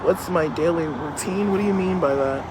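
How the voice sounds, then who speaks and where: A woman's voice: lowish voice, moderate pace. A woman livestreaming outdoors on a city street, chatting casually and rambling with her viewers, swearing freely and saying she is cold. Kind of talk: casual live-stream chat. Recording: street noise, echoey street.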